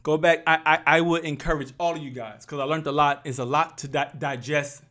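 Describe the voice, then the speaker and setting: A man's voice: fairly high pitch, fairly even intonation, fairly quick, a bit bright. Preachy, emphatic man vlogging. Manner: preachy, emphatic, repeats phrases. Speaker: YouTube commentator. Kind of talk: impassioned motivational vlog talk.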